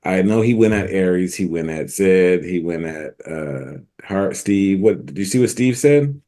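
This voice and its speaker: A man's voice: low voice, animated, measured pace, dark tone. A man co-hosting a casual talk show, laid-back and joking. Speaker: co-host. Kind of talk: casual chat.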